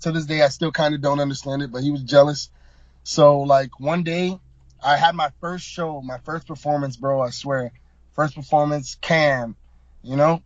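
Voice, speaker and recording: A young man from South Florida recounts a story in casual, slang-heavy talk, punching key words with emphasis. His voice sits a little higher than most men's. The sound is dull and bone-dry, as if recorded on modest gear in a deadened room. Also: fairly even intonation, normal speed, no room sound. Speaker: guest, hip hop artist.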